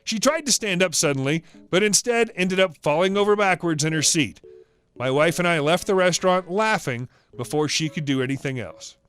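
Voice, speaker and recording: A man in scripted narration, reading out a story with a brisk storytelling manner. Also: on the high side, a bit bright, smooth.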